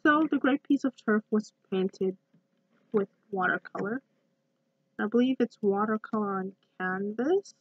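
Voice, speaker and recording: Slow, hesitant young woman with a croaky voice. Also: medium pitch, no room sound. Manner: hesitant, frequent ums and restarts. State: croaky from a cough. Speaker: college student presenter. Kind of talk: class presentation with poem reading. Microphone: laptop built-in mic. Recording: dull lo-fi laptop audio.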